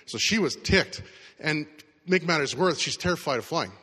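A middle-aged man gives a sermon in a relaxed, chatty storytelling manner. His voice sits a little high for a man and sounds bright and forceful. The sound carries a long hall reverb. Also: moderate pace, slightly rough. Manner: casual, conversational storytelling with acted quotes. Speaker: pastor.

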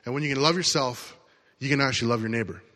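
Middle-aged guy preaching, chatty storyteller, bright edgy voice, big hall echo. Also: mid-range voice, fast. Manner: casual, conversational storytelling with acted quotes. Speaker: pastor. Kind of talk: sermon with storytelling. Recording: long hall reverb.

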